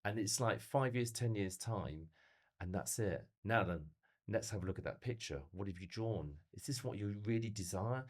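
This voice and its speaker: Man, middle-aged, motivational speaker, storytelling, lower pitch. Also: normal speed. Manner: animated, storytelling, asks rhetorical questions. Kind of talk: conversational podcast chat.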